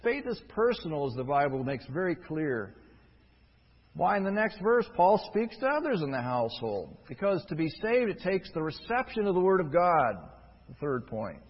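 A man preaching a sermon, emphatic, rising from quiet stretches to loud, forceful peaks. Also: on the high side, very animated, normal speed, breathy edge. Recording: dull, lo-fi with long hall reverb.

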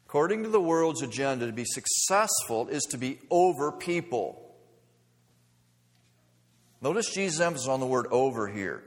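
A man's voice: medium pitch, very animated, moderate pace, pauses often. Man preaching in an echoing hall. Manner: rhetorical questions, rising to emphatic preaching. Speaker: pastor. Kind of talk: sermon.

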